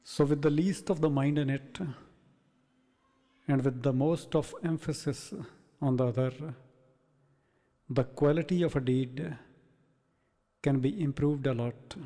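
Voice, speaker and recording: Slow, mellow-voiced male spiritual teacher. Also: mid-range voice, fairly even intonation, big-room sound. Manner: measured, reflective, in short phrases. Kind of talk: slow meditative spiritual talk.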